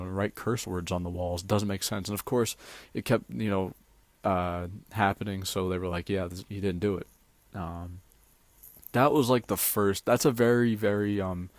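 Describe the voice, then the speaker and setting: Man, young adult, low voice, hesitant, fillers and restarts, casual storytelling. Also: a little mellow, no room sound. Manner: halting, with many fillers and restarts. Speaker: streamer.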